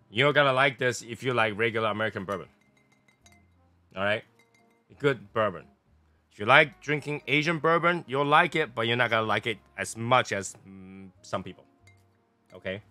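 A man's voice: mid-range voice, sharp tone, no room sound. A man from Taiwan, chatting through a casual review in a rambling, playful way. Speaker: cigar and spirits reviewer.

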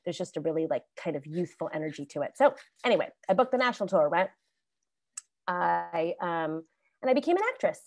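A woman's voice: lowish voice, lively intonation, fairly quick, dry recording, clean studio sound. A woman on a webinar panel casually telling her career story, chatty and loose with lots of fillers and restarts, over a video call. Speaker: alumni panelist.

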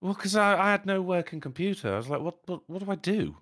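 A man's voice: sits high, animated, fast, a bit bright. A British man co-hosting a casual chat show, telling stories with a lot of swearing and laughter. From Britain. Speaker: podcast co-host.

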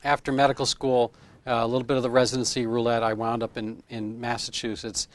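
A man's voice: medium pitch, little pitch movement, fast. Doctor guy in his 50s rambling on in an interview, easygoing comparisons, everyday mid-range voice. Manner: rambling, explains with homespun comparisons. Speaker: medical doctor guest. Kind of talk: casual interview chat.

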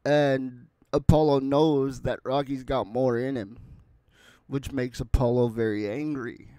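A man's voice: mid-range voice, warm tone, clear, resonant tone, dry recording. A man casually reviewing a movie, retelling scenes and quoting the characters in his own voice.

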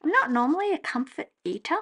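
A woman, chatting casually at her desk as she journals, laughing often and breaking into excited exclamations. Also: high-pitched, a little fast. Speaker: journaling vlogger. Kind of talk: casual chat while journaling. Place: home desk.

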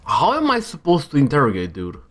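A man's voice: mid-range voice, wildly swooping pitch, a little fast, faint music behind. A young man casually commenting on his own gameplay, talking to himself with exasperated outbursts. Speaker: gamer. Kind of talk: let's-play commentary.

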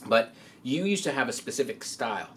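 A man's voice: medium pitch, very animated, brisk, a bit bright. A male podcast host chatting casually with a guest in a laid-back, slangy way. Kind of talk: casual interview chat. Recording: distant mic with faint noise.

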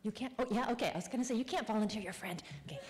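A woman author casting audience volunteers for a live reading, friendly and quick to laugh. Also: on the high side, darkish tone. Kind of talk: casual talk to a live audience. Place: public library event room. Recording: long hall reverb.

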